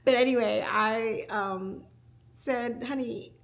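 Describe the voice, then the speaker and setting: Her voice leans low but has a fairly bright tone. She is a woman in her forties who works as a communication coach, sharing a candid personal story in a home vlog, reflective and quick to laugh.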